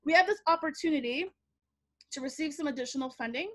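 A Canadian woman teacher telling a lively story in a workshop webinar, acting out quoted voices and checking in with "okay?". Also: high voice, quick pace. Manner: animated, acts out quoted voices, frequent "like" and "okay?". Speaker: teacher giving a workshop talk. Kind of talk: storytelling presentation. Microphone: webinar microphone.

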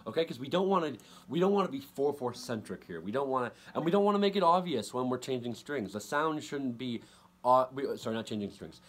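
A man giving a casual guitar lesson, relaxed and repetitive, counting beats aloud. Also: medium pitch, brisk. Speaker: guitar teacher. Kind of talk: casual instructional talk. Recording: loud guitar playing behind.

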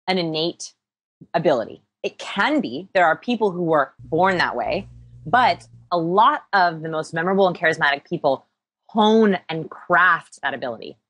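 A woman's voice: on the low side, a bit bright, no echo. A woman guest in a conversational interview, explaining with upbeat energy and self-deprecating humor. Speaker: interview guest, people-skills researcher.

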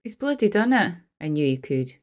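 A woman's voice: on the low side, sing-song, normal speed, darkish tone, a little hiss or hum. A woman, hosting a casual movie reaction, exclaiming and talking back to the screen. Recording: film soundtrack playing behind her.

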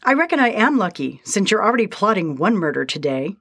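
A woman's voice: mid-range voice, sing-song, a little fast, a bit bright, dry recording, studio quality, pitched above the performer's own voice. A woman doing a sly little male sprite. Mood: sly teasing. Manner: teasing, playful taunts. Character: tiny mischievous male sprite, sly and teasing.

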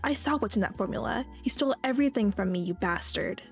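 A woman's voice: a little high, lively intonation, fast, vocal fry, faint music behind. A woman reading as a scornful greedy crab boss.

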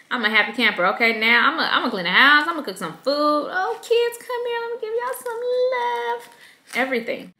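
A woman in her thirties giving self-care advice to moms in a lively, conversational vlog. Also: mid-range voice. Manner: lively and conversational, acts out quoted voices. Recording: echoey room.

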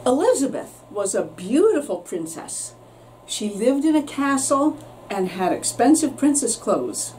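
Expressive woman reading to children. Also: a little high, measured pace, distant mic, a little hiss or hum, poor audio. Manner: expressive storytelling. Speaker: teacher reading aloud.

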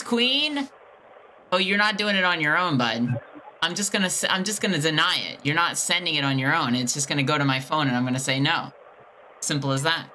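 Woman mocking a scammer, bright sharp voice, teasing then dropping low and menacing. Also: slight background noise. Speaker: scam baiter streamer. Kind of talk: taunting a scammer on a call.

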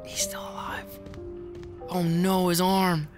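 This young YouTuber takes it slowly while narrating a game, music playing in the background. His commentary is profane and excitable, veering between growled, low taunts and sudden shrieks.

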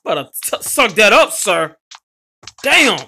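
A man hosting his gaming channel, giving live gameplay commentary in an excitable, slangy way and yelling at his teammates. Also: high-pitched, takes it slowly, a little hiss or hum.

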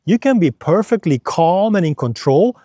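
A man's voice: sits high, very animated, moderate pace, mellow, no echo, clean studio sound. A man, a freediving instructor, patiently explaining breathing step by step in a video lesson.

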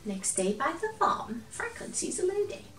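A woman reading a picture book aloud to children, gentle and expressive, chatting now and then to a toy companion. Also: very high-pitched, moderate pace, recorded from a distance. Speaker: children's storyteller. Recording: roomy echo, from off the mic.

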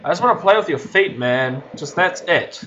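A man's voice: a little high, expressive, moderate pace, heavy background noise. A young man in casual commentary while playing a horror game late at night at home, laughing, swearing and yelping when startled. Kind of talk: casual let's-play commentary. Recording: dull lo-fi game recording with loud game music.

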